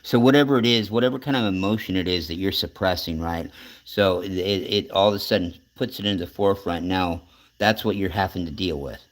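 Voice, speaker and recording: A low-voiced man, talking a little fast, hosts a laid-back talk show. He asks drawn-out questions that keep restarting and wandering off, and he swears now and then during the casual chat.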